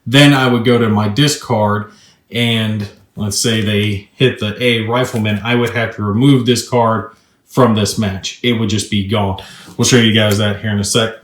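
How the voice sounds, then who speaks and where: A man's voice: on the low side, steady tone, normal speed. Chatty man demoing a board game in a roomy space. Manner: chatty and upbeat, explains rules as he plays. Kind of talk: casual tabletop gameplay walkthrough. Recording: roomy echo.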